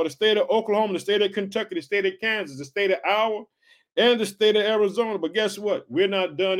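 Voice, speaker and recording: A man from Illinois preaching an upbeat podcast sermon, exhorting listeners with repeated rhetorical questions. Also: high-pitched. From Illinois, USA. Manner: exhorting, repetitive call-and-response phrasing.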